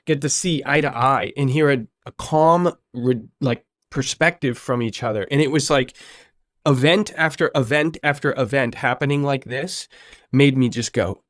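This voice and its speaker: A man hosting an interview podcast, telling stories in an animated way and acting out the people he quotes. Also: medium pitch, normal speed, dry recording, studio quality. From United States. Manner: animated storyteller, acts out quoted speech. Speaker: podcast host. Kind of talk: conversational interview.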